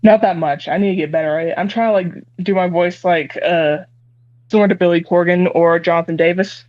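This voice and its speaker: A guest chatting casually on an interview show, talking haltingly with many restarts. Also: medium pitch, fairly even intonation, dry recording. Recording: dull, dry, lo-fi call audio.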